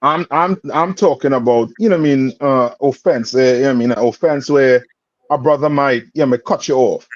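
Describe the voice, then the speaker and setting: A man's voice: medium pitch, fairly quick, no echo, highs cut off. Man teaching a religious class. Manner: repetitive questioning, streetwise phrasing.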